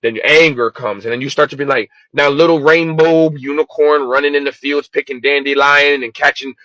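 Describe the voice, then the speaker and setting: A man's voice: fairly high pitch, fairly even intonation, fairly quick, sharp tone, dry recording, lo-fi sound. A man giving emotional personal testimony, passionately questioning his younger self over and over. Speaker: speaker sharing his life story.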